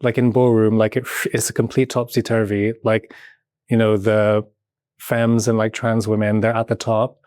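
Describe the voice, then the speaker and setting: A man with a British accent, chatting as a podcast guest in an animated, playful way. He laughs often and fills his talk with casual filler words. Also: fairly low pitch, moderate pace, no room sound, studio quality. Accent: British English. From Britain. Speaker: podcast guest, movement artist. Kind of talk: casual chat.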